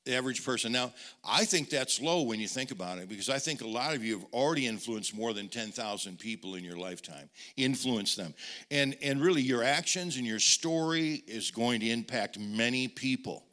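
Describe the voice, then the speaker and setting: A middle-aged male pastor preaching an animated storytelling sermon, often repeating words and speaking straight to the congregation. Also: mid-range voice, fairly quick.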